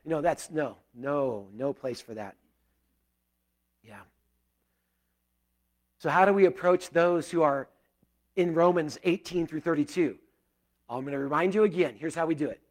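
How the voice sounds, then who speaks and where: Middle-aged male pastor, slightly high voice, earnest conversational sermon with loud bursts and hushed prayers. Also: unhurried, pauses often.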